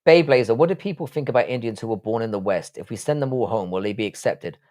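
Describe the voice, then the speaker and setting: A man's voice: mid-range voice, fast, a little mellow. A man hosting a casual live stream, reading chat aloud and answering in a blunt, profane way.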